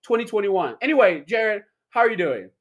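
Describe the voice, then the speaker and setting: A young man co-hosting a casual podcast chat over a video call, loud and excitable, swearing freely. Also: high-pitched, fairly quick, highs cut off. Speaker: podcast co-host. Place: Denver, Colorado.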